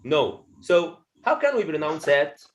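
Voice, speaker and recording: A man teaching a pronunciation lesson to a classroom of students, explaining slowly, repeating each point and checking in with "okay?". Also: fairly high pitch, sing-song. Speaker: English teacher.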